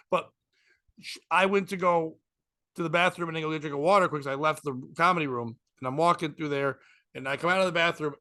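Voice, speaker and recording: Bright-voiced man telling a story. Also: fairly high pitch, no room sound, clean studio sound. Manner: rambling, profane, acts out quoted voices. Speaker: podcast host and stand-up comic. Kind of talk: casual storytelling chat.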